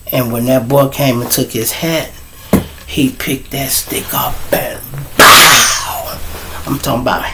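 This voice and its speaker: A man's voice: mid-range voice, vocal fry, noisy background. Cussing man telling a story. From Chicago. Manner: profane, animated, talks straight to the audience. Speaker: show host. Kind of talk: storytelling monologue.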